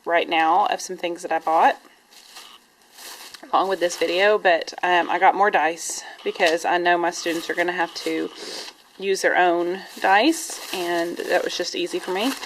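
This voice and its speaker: A woman teacher talks casually to her camera in her classroom, rambling from one thing to the next and peppering her talk with "y'all." Her voice sits a little low, a touch sniffly, with a faint hiss of noise behind her on the camera mic. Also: steady tone, measured pace, rough recording. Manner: chatty, rambling, says "y'all" and "um". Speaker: primary teacher vlogger.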